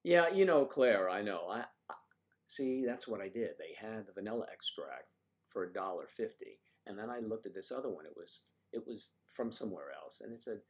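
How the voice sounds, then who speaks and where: A man's voice: on the low side, lively intonation, a little fast. A man hosting a casual livestream, musing aloud and joking as he reads out viewer comments. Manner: rambling, joking. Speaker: livestream host.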